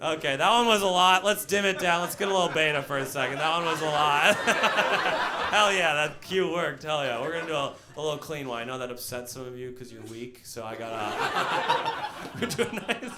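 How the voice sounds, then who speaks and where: A man's voice: on the high side, moderate pace. A man performing a brash stand-up comedy set on a brewery stage, laughing at his own jokes. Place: brewery stage before a live audience. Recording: live room with audience noise. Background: audience laughter.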